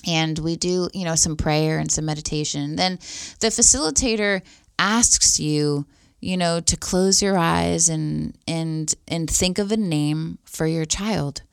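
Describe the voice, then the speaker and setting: A woman's voice: sits low, measured pace, gravelly, smooth, no room sound, studio quality. A middle-aged woman telling a personal faith testimony in an earnest, heartfelt, conversational way, with frequent "you know" fillers. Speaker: speaker sharing a faith testimony.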